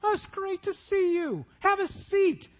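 A man voicing Mary, an eager, welcoming biblical woman, in a high falsetto. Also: very animated, measured pace, exaggerated voice. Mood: gushing. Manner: gushing, eager questions.

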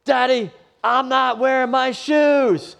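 Stubborn small boy, high and whiny, acted by a grown man. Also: fairly even intonation, slow pace, creaky, a bit bright, clear, resonant tone, exaggerated voice. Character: whining stubborn little boy refusing shoes.

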